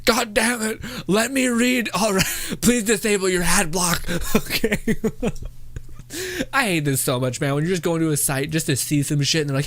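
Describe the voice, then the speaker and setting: A man's voice: a little high, a little slow. A man hosting a casual reaction video who rambles, swears freely and keeps breaking into laughter.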